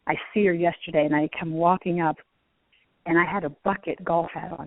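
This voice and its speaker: A middle-aged woman, a former tour golfer who now teaches, telling stories in a lively way with frequent laughs. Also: lowish voice, a little fast, no echo. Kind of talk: phone interview storytelling. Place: outdoors at a driving range. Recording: tinny phone line, dry.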